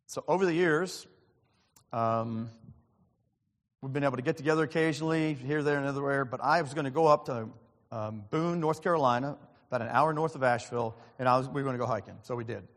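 A man preaching in a church, telling a story with earnest feeling and acting out the other people's lines. His voice sits at an ordinary male pitch. It rings with the long reverb of a large hall. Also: fast. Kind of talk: sermon with personal story.

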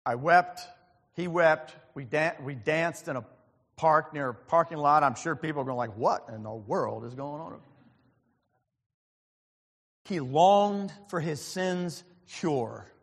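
A man's voice: on the high side, normal speed, a bit bright. A man preaching a sermon, telling a personal story in an earnest, conversational way. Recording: long reverb of a large hall.

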